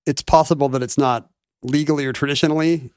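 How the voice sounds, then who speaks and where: A man co-hosting a podcast in casual chat, wry and teasing, quick to throw in jokes. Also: on the high side, steady tone, darkish tone, dry recording, clean studio sound. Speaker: podcast co-host.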